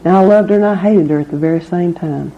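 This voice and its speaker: A middle-aged woman, speaking at a recovery meeting, candid and wry as she tells her own story. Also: fast. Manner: candid, wry, with laughs through hard memories. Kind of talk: personal testimony talk. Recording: muffled low-fidelity recording.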